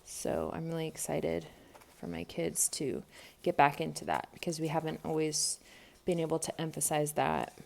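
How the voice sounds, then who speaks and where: Chatting casually at home beside a table with a tripod camera, a homeschool vlogger in her thirties narrates an unboxing, thinking out loud with plenty of ums. Her voice is deep, creaky and darkish, at a moderate pace with few pauses, picked up by the camera's mic.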